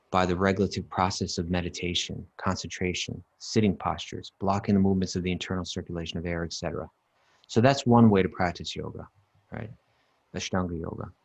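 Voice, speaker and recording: A man with a very low, deep voice leads a relaxed scripture discussion. He talks emphatically, circles back on his words, and breaks into chanted Sanskrit verses. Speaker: podcast co-host teaching scripture. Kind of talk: casual teaching talk.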